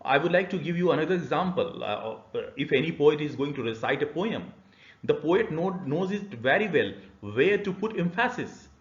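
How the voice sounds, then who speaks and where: A man's voice: a little high, animated, normal speed. A man giving a recorded university e-learning lecture, explaining patiently with many "uh" fillers. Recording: roomy, slightly dull lecture recording.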